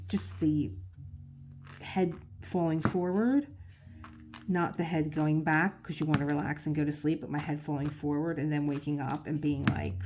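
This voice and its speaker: A woman's voice: low voice, background noise. A woman vlogger chatting casually to her viewers as she works on a diamond painting, rambling and talking to herself along the way. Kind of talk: casual chat while crafting.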